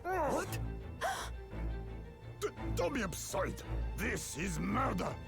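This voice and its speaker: A man voicing an indignant foreign ship officer in broken English, with a gravelly voice. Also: sits high, huge pitch swings, takes it slowly, music in the background, voice pushed up, exaggerated voice.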